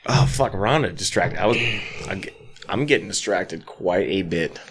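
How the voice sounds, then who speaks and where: A man's voice: low-pitched, expressive, normal speed, slight background noise. A man co-hosting a casual podcast chat while drinking whiskey, joking around and swearing freely. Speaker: podcast co-host.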